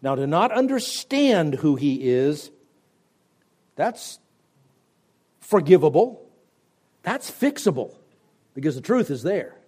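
A pastor delivers a radio Bible teaching in an emphatic style. Loud, stressed words give way to endings that sink low and quiet.

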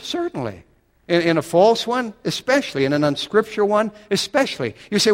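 A man's voice: sits high, big pitch swings, a little fast, in a large hall. A man preaching a sermon as pastor, blunt and emphatic, asking the listeners pointed questions.

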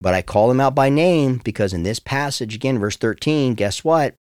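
A man's voice: medium pitch, lively intonation, moderate pace, darkish tone, clean tone, no echo, clean studio sound. A man in his forties, a pastor teaching the Bible on a podcast in an earnest, heartfelt way, often speaking straight to his listeners.

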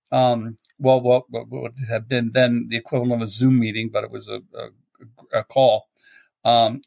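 Middle-aged host with a Baltimore accent, mid-pitched, easygoing, rambling storyteller. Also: male voice, fairly bright tone. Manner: chatty, rambling, self-amused storyteller. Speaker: podcast host. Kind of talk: casual chat.

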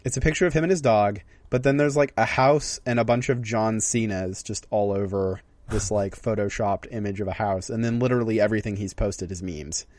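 In casual chat, a young man co-hosting a podcast tells rambling stories, frequently cutting himself off to restart sentences. He talks a little fast with hardly any pauses, in a lowish, steady, darkish voice with no room sound.

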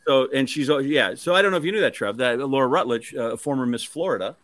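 A man's voice: medium pitch, lively intonation, fast talker, a bit bright, no room sound. Teasing male co-host, dry close sound. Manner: joking, teasing, rambling with fillers. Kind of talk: casual interview chat.

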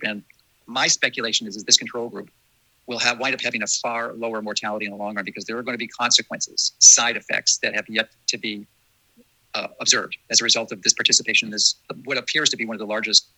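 Male host, quick earnest delivery, husky bright tone, dry close sound. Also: mid-range voice, fairly even intonation, no room sound, poor audio. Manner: earnest, emphatic, with restarts. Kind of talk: casual discussion.

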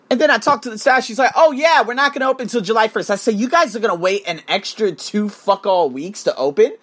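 A man's voice: high voice, fast, hardly any pauses. A man who works as an English tutor, ranting casually to his viewers, swearing a lot and acting out conversations. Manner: animated, swears often, acts out conversations. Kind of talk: casual rant to camera. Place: living in Thailand.

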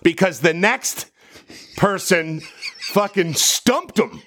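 A middle-aged man telling stories in a casual podcast chat, rambling and profane, with animated bursts. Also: sits high, slow pace, a little hiss or hum. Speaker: voice actor guest.

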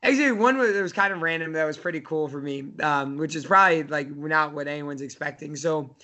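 A man's voice: fairly high pitch, a little fast, bright, forceful tone. A man in his thirties, a college soccer coach, chatting casually on a podcast in a rambling way full of fillers and restarts.

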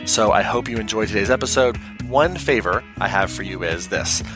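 A man's voice: on the low side, moderate pace. A man hosting a podcast, reading an earnest, inviting intro. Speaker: podcast host. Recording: music bed behind the voice. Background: guitar music.

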